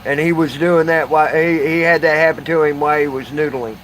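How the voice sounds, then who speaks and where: A man chatting casually to a live stream audience, halting with many fillers and restarts. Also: fairly high pitch, steady tone, a bit bright, a little hiss or hum, poor audio.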